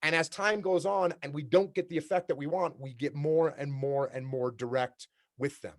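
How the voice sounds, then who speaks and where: A man's voice: a little high, steady tone, normal speed. A man giving a leadership keynote talk in a direct, repetitive way, acting out workplace conversations to make his points. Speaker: keynote speaker. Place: remote talk for a virtual summit.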